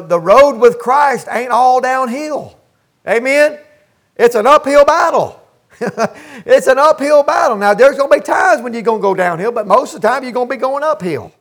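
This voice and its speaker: Older male pastor, unusually high voice, folksy emphatic sermon delivery with call-and-response. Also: lively intonation, brisk. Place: church sanctuary.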